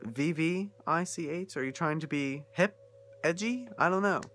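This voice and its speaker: A man's voice: fairly high pitch, moderate pace, fairly bright tone, slight background noise. A young man ranting casually about a film he watched, incredulous and often laughing. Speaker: vlogger reviewing a film. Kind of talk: casual rant.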